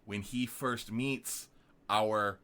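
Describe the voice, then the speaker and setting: A man's voice: lowish voice, steady tone, extremely slow, sharp tone. A man co-hosting a podcast, retelling a film's plot in loose, chatty casual talk. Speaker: podcast co-host. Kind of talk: casual film-review chat.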